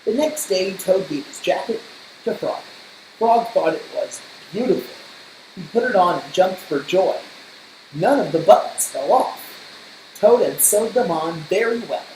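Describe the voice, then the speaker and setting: A woman reading a children's storybook aloud in slow, measured narration. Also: fairly low pitch, lively intonation, dark tone. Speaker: storybook reader. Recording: roomy echo, faint hiss.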